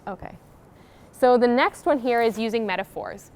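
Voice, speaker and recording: A young adult graduate student co-presents a university workshop, explaining things casually with a fair number of fillers. Her voice is fairly high-pitched, darkish and clean, at a normal speed.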